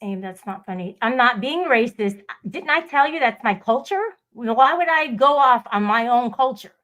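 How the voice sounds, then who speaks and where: A woman's voice: a little high, expressive, normal speed, fairly bright tone. Rambling, profane woman streamer. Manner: rambling, profane, talks back to chat. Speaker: livestream host. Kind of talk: casual livestream chat with viewers.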